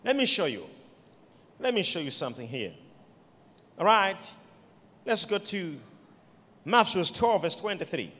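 A man preaching a sermon, emphatic, with sudden shouted peaks and quiet asides, recorded in an echoey church hall. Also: high voice, big pitch swings, measured pace, long pauses.

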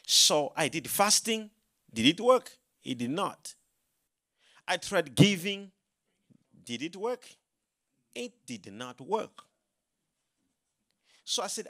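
A man preaching a sermon, telling his own story with animation, acting out his prayers and rising to loud, emphatic proclamation when he quotes scripture. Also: sits high, very animated, slow, pauses often.

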